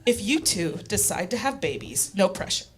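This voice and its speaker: A woman voicing her intense, overexcited mother, who gasps and bursts into shouts, over live crowd laughter. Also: medium pitch, sing-song, moderate pace, very noisy, natural voice. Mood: gushing, shouting. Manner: gasping, breathless, bursting into shouts.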